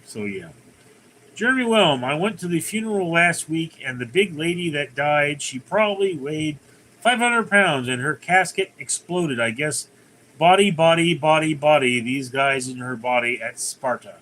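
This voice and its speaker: A man's voice: fairly high pitch, animated, normal speed, bright, forceful tone, slight background noise, poor audio. Chatty man hosting a livestream. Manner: conversational, rambling, reads comments aloud then answers. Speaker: livestream host. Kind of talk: casual live chat reading viewer comments.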